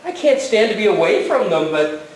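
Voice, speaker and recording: A man's voice: sits high, very animated, moderate pace. A man acting a fussy, tearful newly divorced man in a stage comedy, heard from far off in a roomy theater. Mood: wistful. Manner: mournful, sighing, apologetic. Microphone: distant audience recording. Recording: roomy hall from far off, faint noise.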